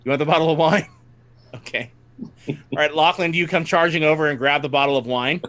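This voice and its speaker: A man's voice: on the high side, fairly quick, fairly bright tone. A man running a tabletop game as game master, narrating the scene to his players and laughing often.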